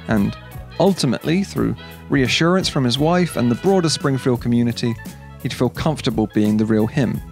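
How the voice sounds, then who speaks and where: Man, video essay narration, gravelly, mid pitch, measured. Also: a little mellow. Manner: measured, explanatory. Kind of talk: scripted narration.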